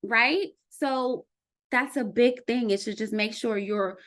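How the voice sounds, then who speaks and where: A woman vlogger giving casual wellness advice to camera, chatty and lively, often checking in with "right?". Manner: conversational, often ends with "right?"; lively, quick swings in pitch and loudness.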